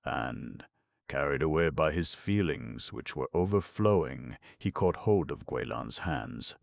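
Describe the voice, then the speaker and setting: Brief: male audiobook narrator, measured and expressive, deep gravelly voice, dry close recording. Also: dry recording. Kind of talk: scripted narration.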